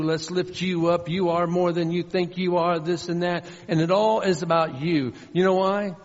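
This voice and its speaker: A man preaches in earnest, his voice pitched a bit high as he swings from loud stressed lines down to soft, low asides. The sound is somewhat muffled and dull. Long reverb trails each phrase, as in a large church hall. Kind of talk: sermon.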